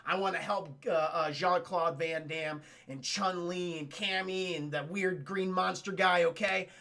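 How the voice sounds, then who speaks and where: A man's voice: sits high, fairly even intonation, unhurried, bright, forceful tone, heavily acted. A man voicing a determined young male martial artist in a casual, emphatic paraphrase.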